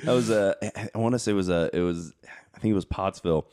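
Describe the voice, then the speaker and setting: A man who is a comedian guest on a podcast, chatting casually and telling a story in halting, rambling bits. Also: deep voice, darkish tone. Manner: rambling, halting, laughs a lot. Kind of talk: casual chat.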